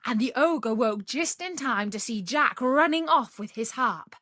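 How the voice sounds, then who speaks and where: A woman reads a fairy tale aloud for English learners, slowly and expressively. Her pace is very unhurried, and the recording is close and dry. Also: fairly high pitch, no echo. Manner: slow, expressive read-aloud. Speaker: storyteller. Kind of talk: storybook narration for English learners.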